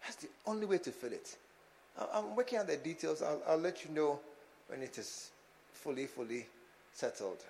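A man preaching a sermon as a pastor, swinging from quiet asides to shouted exhortation. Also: a little high, expressive, moderate pace, big-room sound, slight background noise.

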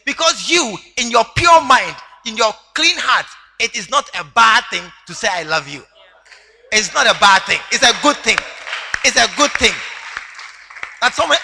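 A man preaching a sermon to a congregation, animated and teasing, laughing along with them. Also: extremely high pitch, normal speed, gravelly. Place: church hall. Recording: long hall reverb.

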